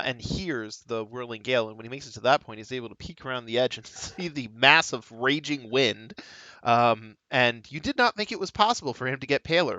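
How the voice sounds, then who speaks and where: A man's voice: medium pitch, sharp tone, dry recording, highs cut off. A man running a tabletop game as dungeon master, narrating moves with frequent ums and uhs. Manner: halting, full of ums and uhs, counts moves aloud.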